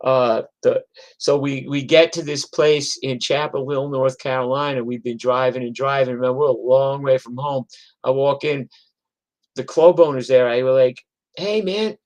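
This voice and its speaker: A man's voice: medium pitch, level tone, moderate pace, a little mellow, poor audio. A middle-aged man, a musician telling rambling, profane stories in a casual monologue full of "like" and "you know.". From New York.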